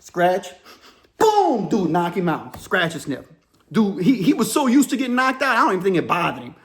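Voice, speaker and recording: A man, a former prisoner hosting his channel, telling stories in an animated, rambling way. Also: high-pitched, fairly quick. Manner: animated, rambling, many "you know"s. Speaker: YouTube host, former prisoner. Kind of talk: casual storytelling.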